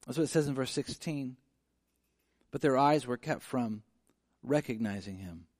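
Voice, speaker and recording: A pastor with a mid-range voice and moderate pace preaches a conversational sermon, recorded dry with clean studio sound. His storytelling is animated, packed with fillers and asides he acts out.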